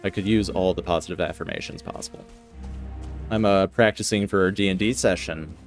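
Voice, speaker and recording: Rambling male streamer, low voice. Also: brisk, faint music behind. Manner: rambling storyteller, laughs often. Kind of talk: casual gaming chat.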